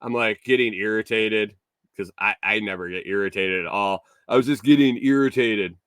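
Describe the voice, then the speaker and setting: Host, male, bright and forceful, crisp and dry sound; chatty storyteller who laughs at himself. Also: on the low side, normal speed, no echo. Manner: rambling, chuckling, self-correcting. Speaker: morning show host. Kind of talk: casual storytelling to a live chat.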